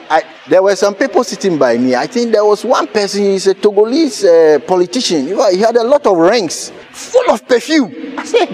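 A man preaching a sermon, telling a personal story with animated laughter and sudden shouted lines. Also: high-pitched, moderate pace, slight background noise.

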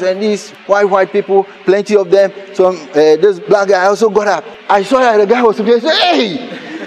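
High-voiced pastor preaching animatedly. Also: male voice, a little hiss or hum. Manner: animated, laughing, bursts of shouting. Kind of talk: sermon with personal storytelling.

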